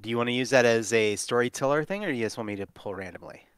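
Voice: medium pitch, quick pace, smooth, dry recording, studio quality. A tabletop role-playing game player who asks curious, probing questions. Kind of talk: casual tabletop role-play.

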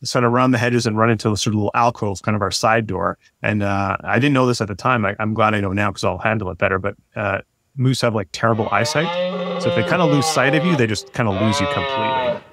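A man's voice: fairly low pitch, fast talker. Rambling man in his forties telling a story. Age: 40s. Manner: rambling, lots of fillers and restarts, lively when retelling. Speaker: podcast guest. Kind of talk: casual storytelling.

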